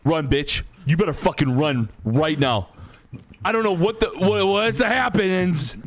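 A young man commentating casually as he plays a game, excitable, swearing freely and laughing often, reading game text aloud. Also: a little high, moderate pace, long pauses, slight background noise. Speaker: gaming streamer.

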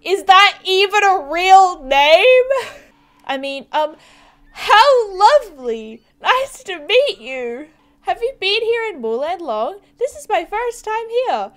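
A woman's voice: very high-pitched, very animated, slow, voice pushed up, heavily acted. A woman voicing a snooty, jumpy new teen girl at a stable in a horse game, defensive and boastful, reading the game's lines aloud.

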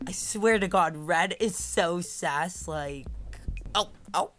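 A young woman host giving casual gameplay commentary, chatty, dramatic and playful with quick asides. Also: lowish voice, fairly bright tone. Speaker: gaming channel host.

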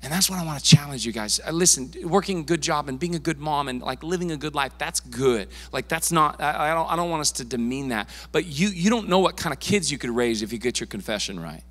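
A man preaching in a bright, forceful voice that sits a little high for a man. He talks to his congregation in a loose, emphatic way, repeating words as he drives a point home. A long hall reverb trails every phrase. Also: expressive, fast, hardly any pauses. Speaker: pastor. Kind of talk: sermon. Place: church sanctuary.

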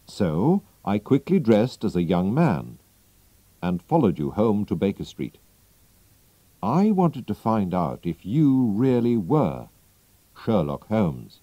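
Slow, deep-voiced male story narrator. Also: mellow, no room sound, highs cut off. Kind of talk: slow scripted story narration for English learners.

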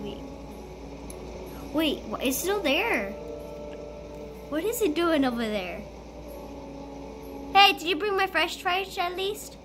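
A woman playing a school role-play game, talking excitedly through it and bursting into shrieks and giggles. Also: very high-pitched, noisy background. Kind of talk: playful gameplay commentary.

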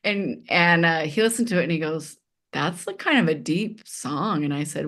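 A middle-aged woman speaks as a guest in a relaxed conversation. She tells stories with animation, slipping into the voices of the people she quotes. Her voice sits a little low for a woman. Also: normal speed. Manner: animated, acts out quoted dialogue, many fillers like "like". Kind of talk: casual conversational storytelling.

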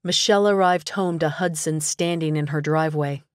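A woman narrating a romantic comedy audiobook in an even, measured storytelling manner. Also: low-pitched, clean tone, no echo, studio quality. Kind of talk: scripted narration.

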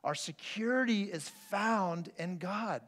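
High-voiced pastor in an echoing hall. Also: male voice, slow pace, a bit bright. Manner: earnest, storytelling, frequent restarts. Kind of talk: conversational sermon with personal stories. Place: church sanctuary. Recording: long reverb of a church hall.

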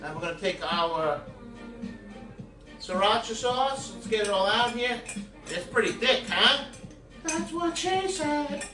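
A man with a very high, bright voice hosts a casual home cooking video, rambling through crude jokes and asides to the viewers. He is caught from across an echoey kitchen, with faint music playing behind him. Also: unhurried, long pauses, recorded from a distance.

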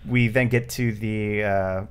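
A man's voice: lowish voice, steady tone, takes it slowly, clean tone. A man hosting a casual movie commentary podcast, rambling with lots of fillers and frequent laughs. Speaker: podcast host.

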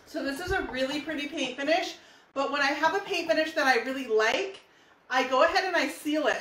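A woman's voice: sits high, a bit bright, distant mic, slight background noise. A woman from California, teaching furniture painting live, explaining each step in a chatty, friendly way. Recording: echoey room.

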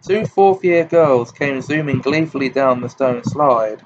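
A man narrating a fantasy audiobook in a steady reading voice. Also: mid-range voice, measured pace, dull audio, noisy background. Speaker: amateur audiobook reader.

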